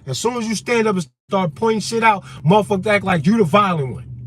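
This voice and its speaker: A man's voice: high voice, expressive, fast talker, fairly bright tone, slight background noise. A man in an unscripted monologue, talking straight at his listeners in a profane, confrontational, heated way. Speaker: vlogger.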